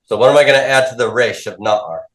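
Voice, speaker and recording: A man's voice: mid-range voice, fast talker, fairly bright tone. A man teaching a class, asking questions, drilling students and repeating their answers back. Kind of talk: classroom lecture with call-and-response drills. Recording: echoey classroom.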